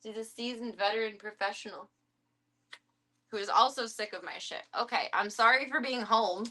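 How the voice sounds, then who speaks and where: A woman's voice: a little high, moderate pace, sharp tone. A woman chatting casually on a live stream from her home, switching into cooing baby talk for her pets and making wry asides.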